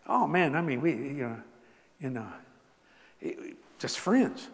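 Older Cajun preacher in a reverberant hall. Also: male voice, fairly high pitch, takes it slowly. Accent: Cajun Southern US. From South Louisiana. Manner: animated, laughing, Southern drawl, rising to exclamations. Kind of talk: folksy storytelling sermon.

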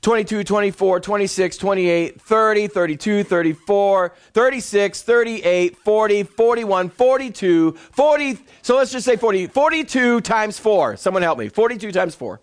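A pastor preaches to his congregation in a high, lively voice. His pitch swings widely while he acts out the people in his stories. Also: moderate pace, hardly any pauses. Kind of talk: sermon. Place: church before a congregation.

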